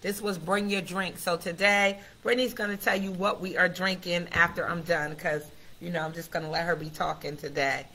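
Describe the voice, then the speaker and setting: Live-stream host: a woman, chatty and excitable, bright voice, speaks directly to viewers. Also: lowish voice, brisk, slight background noise. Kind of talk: casual live-stream chat.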